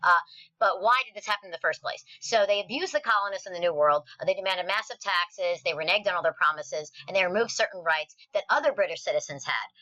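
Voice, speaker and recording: A woman gives a history lesson over slides in quick, chatty bursts, full of playful asides. Her voice is bright and a little low, and the recording sounds dull and lo-fi. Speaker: history teacher.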